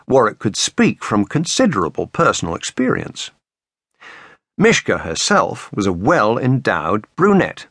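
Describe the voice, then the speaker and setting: A low-pitched man narrates a suspense audiobook with measured, expressive delivery. His pitch moves in a lively way, and the recording is dry and close. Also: no room sound. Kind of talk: scripted narration.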